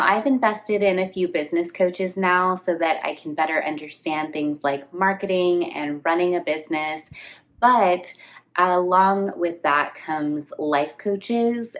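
A woman with a low, nasal voice hosts a solo podcast, sounding congested as she gets over an illness. She talks in an earnest, reflective way, like a casual chat with her listeners. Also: low-quality recording. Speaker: podcast host.

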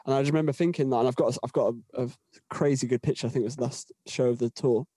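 A man's voice: medium pitch, racing, no echo. Rambling British man telling road stories. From Britain. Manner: rambling, repeats words, animated storytelling. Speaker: touring musician guest. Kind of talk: casual anecdote-telling.

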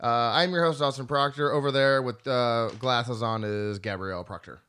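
A man's voice: mid-range voice, fairly even intonation, normal speed, a bit bright. A young man hosting a podcast, chatting casually, joking and rambling as he corrects himself. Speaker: podcast host.

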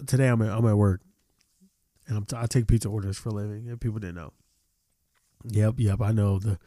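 A man's voice: lowish voice, mellow, dry recording, studio quality. A young adult man hosting a podcast alone, ranting casually with lots of swearing, his nose stuffed up from allergies. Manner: profane, rambling, exasperated. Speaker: podcast host.

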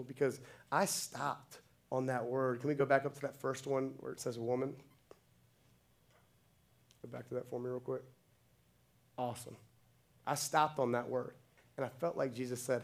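A man's voice: mid-range voice, fairly even intonation, a little fast, gravelly, darkish tone. A man preaching a sermon with passion, building to emphatic, repeated lines. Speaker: pastor.

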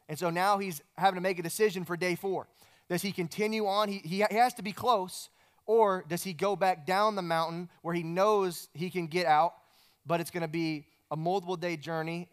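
A man's voice: on the high side, clear, resonant tone. A man preaching a sermon, telling a story in a conversational way with frequent repeated words. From United States. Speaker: pastor.

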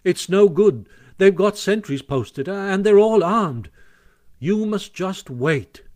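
A man's voice: sits high, expressive, takes it slowly, darkish tone, pitched above the performer's own voice. A man voicing a sensible, fretful male water rat in an audiobook reading, earnest and warning. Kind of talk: audiobook character voice.

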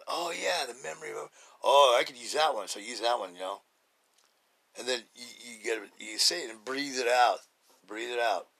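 A middle-aged man talks through his podcast in a loose, rambling monologue, blunt and full of fillers and restarts. His voice is bright and forceful, sitting at an ordinary pitch for a man. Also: breathy edge. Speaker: podcast host. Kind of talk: casual monologue.

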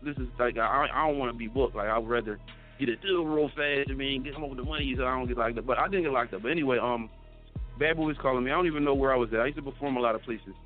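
A young man, a rapper telling stories in a casual interview, animated and slangy, stumbling over restarts. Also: mid-range voice, racing. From Philadelphia. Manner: animated storyteller, stammering restarts, slangy, acts out quoted voices. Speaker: rapper guest. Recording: tinny phone-like radio broadcast with faint music.

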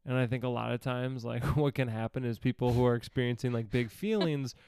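Young man, podcast co-host, casual rambling chat, gravelly, dry close recording. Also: medium pitch, brisk, warm tone, dry recording. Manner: rambling, swears casually, teasing. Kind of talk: casual chat reviewing a TV show.

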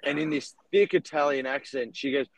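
Brief: young male co-host, animated storyteller, mid pitch, dry close mic. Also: a little fast, dry recording, low-quality recording. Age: young adult. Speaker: podcast co-host, real estate agent. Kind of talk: casual chat.

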